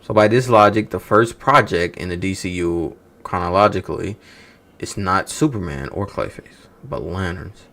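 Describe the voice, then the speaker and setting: Reacting to movie news on a livestream, a man talks at normal speed in a low voice with a fairly bright tone. His casual chat with viewers is profane and teasing, full of rhetorical banter.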